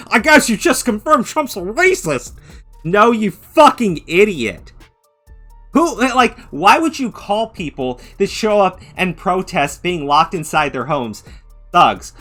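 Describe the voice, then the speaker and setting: Man, ranting commentary host, profane, mocking put-on voices, very lively pitch, faint music behind. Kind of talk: angry reaction commentary.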